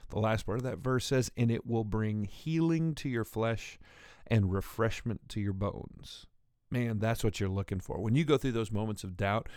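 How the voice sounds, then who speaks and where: A man delivers a sermon in an earnest, conversational tone. He often stops and restarts his phrases. His voice sits at a middle pitch and is recorded dry and close, with no room sound. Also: a little mellow, no room sound. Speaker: preacher.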